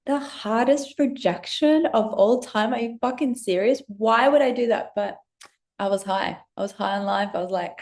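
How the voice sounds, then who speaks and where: A woman telling a personal story to camera in a chatty, swearing way, dropping to whispers and jumping to high excited bursts. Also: moderate pace. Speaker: spiritual vlogger.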